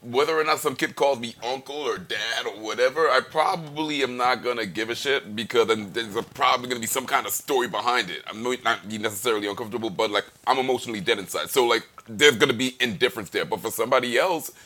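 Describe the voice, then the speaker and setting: A man's voice: mid-range voice, quick pace, few pauses, sharp tone. Rambling self-deprecating man on a podcast. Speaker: podcast guest. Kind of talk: casual chat.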